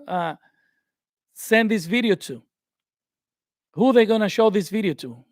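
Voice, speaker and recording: High-voiced man giving a live tutorial. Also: dry recording, clean studio sound. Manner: animated, conversational, laughs often. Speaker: YouTube coach live-streaming. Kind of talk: live-stream tutorial talk. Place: home studio, indoors.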